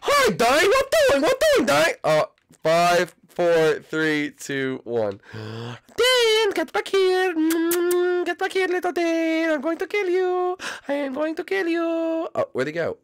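A man puts on a menacing, teasing hunter's voice for a game session. It sits very high and swoops around in a slow, deliberate singsong, taunting the prey. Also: huge pitch swings, a bit bright, full character voice. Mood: playful menace.

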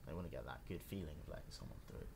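A man co-hosting a podcast, talking in a relaxed and reflective way. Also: rumbling low, very fast, vocal fry, background noise. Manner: relaxed, reflective, lots of short agreements. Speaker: podcast co-host. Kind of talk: casual conversation.

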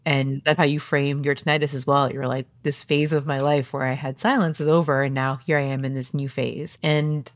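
A woman's voice: a bass voice, little pitch movement, a little fast, few pauses, no echo. A woman hosting a podcast, speaking in a thoughtful, reflective way in a casual interview. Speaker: podcast host.

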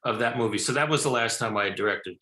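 A man, a film director, telling stories in a talk show interview, animated, with many fillers and restarts. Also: medium pitch, fast talker, echoey room, slight background noise. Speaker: film director and actor, guest. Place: television studio.

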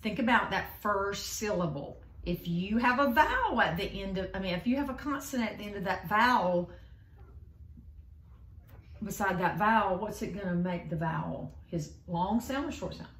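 A woman reading teacher tutoring one-on-one, explaining slowly and clearly and encouraging her student. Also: medium pitch, expressive, fairly bright tone. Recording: echoey room.

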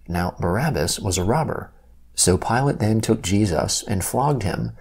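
Man, low gravelly voice, husky, lively intonation, measured scripture reading. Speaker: Bible reader.

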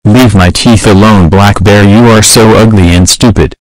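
A man's voice: fairly low pitch, moderate pace, no room sound, lightly acted. A man voicing a furious cartoon horse. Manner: yells threats and insults in short flat sentences. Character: angry male horse, hot-tempered and insulting.

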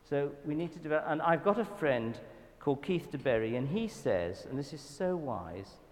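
A man with a Southern English accent giving a church talk, telling anecdotes in a lively, self-deprecating way. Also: a little high, moderate pace. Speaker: guest speaker at a church event. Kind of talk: storytelling sermon talk. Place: church hall. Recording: reverberant hall with faint background noise.

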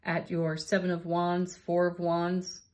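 Low-voiced woman giving a card reading. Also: monotone, slow pace. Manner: gentle, encouraging, laughs softly between cards. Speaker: tarot card reader.

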